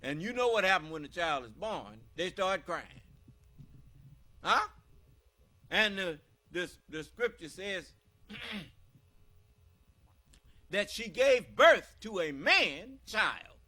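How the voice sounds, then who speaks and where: Animated, high-pitched American preacher man. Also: slow, pauses often. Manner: emphatic, asks the listeners questions. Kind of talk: scripture teaching sermon.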